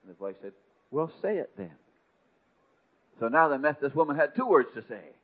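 A man preaching a sermon, telling a story with dramatic swings from hushed to loud. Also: fairly high pitch, sing-song, brisk. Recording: tinny phone-like sound.

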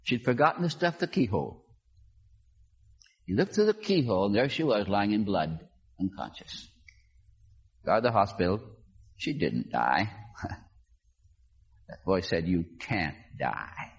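Here a pastor delivers sermon storytelling with lively intonation at normal speed, leaving long pauses; his voice has a breathy edge and the audio sounds dull. He dramatizes the tale, voicing each quoted character with large pitch shifts.

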